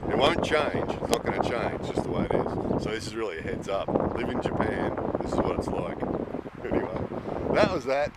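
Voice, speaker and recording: A man's voice: on the low side, lively intonation, normal speed. A man ranting in a casual vlog monologue, exasperated, sometimes mimicking the people he complains about. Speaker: vlogger living abroad. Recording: wind noise outdoors.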